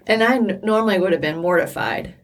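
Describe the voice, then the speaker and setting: A woman's voice: medium pitch, fast. A middle-aged woman co-hosting a podcast, telling personal stories candidly and with emotion. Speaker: podcast co-host. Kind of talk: casual chat.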